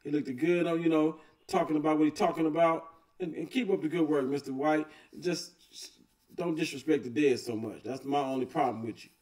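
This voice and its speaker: Brief: a male reaction host, relaxed and agreeing, pitched a bit high, recorded off-mic. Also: brisk, recorded from a distance. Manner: laid-back, agreeing, chuckling. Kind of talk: casual reaction commentary.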